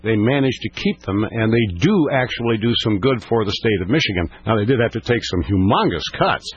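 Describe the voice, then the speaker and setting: An older man hosting a call-in radio talk show, halting and repeating words, his pitch climbing when he gets emphatic. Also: lively intonation, husky, no room sound. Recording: dull lo-fi radio broadcast.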